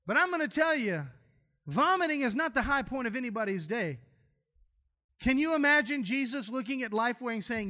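A man delivers a sermon in a church. His voice sits high and bright. He jokes and tells homespun stories between verses. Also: very animated, a little fast. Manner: folksy, humorous storytelling preacher. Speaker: pastor.

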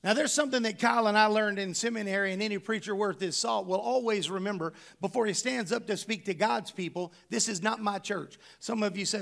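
High, gravelly-voiced man preaching. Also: a bit bright. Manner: emphatic, conversational preaching with rhetorical questions. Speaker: pastor. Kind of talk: sermon.

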